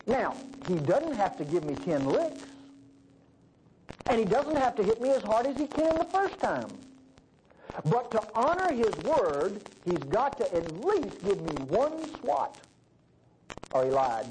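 A man's voice: high-pitched, unhurried, slight background noise, poor audio. A man preaching a sermon, acting out voices in his stories. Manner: folksy, animated, acts out voices in stories.

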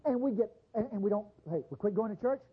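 A man preaches a sermon, conversational and animated, his pitch swooping widely as he acts out quick little voices. His tone is husky and a bit breathy. The recording sounds dull and lo-fi. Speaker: pastor.

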